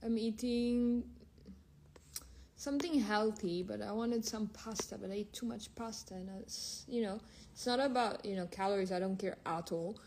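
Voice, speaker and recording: A woman's voice: mid-range voice, moderate pace, darkish tone, a little hiss or hum. A woman hosting a casual phone livestream, reading out viewer questions and answering them frankly, drifting between languages as she talks. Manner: drifts between several languages mid-stream.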